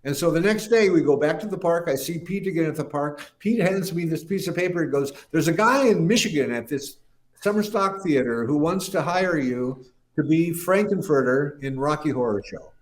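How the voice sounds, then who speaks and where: A man's voice: a little high, lively intonation, moderate pace. An older man, a musician guest, telling a rambling anecdote in casual talk and acting out the voices of people he quotes. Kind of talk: casual storytelling interview.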